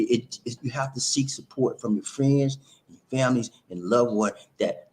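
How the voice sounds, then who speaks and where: Host: man, casual advice monologue, animated and repetitive, mid pitch. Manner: animated, repetitive, preachy, says "man" often. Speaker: relationship talk host.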